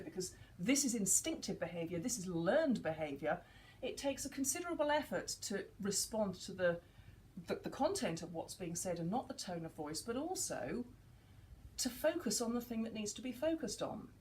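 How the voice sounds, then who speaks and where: A woman in her forties explains a concept in a relaxed, conversational way. Her pitch rises and falls a lot as she slips into quoted dialogue. A faint noise sits under the recording. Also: rough recording. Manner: animated, acts out dialogue in quotes. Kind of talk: casual teaching talk.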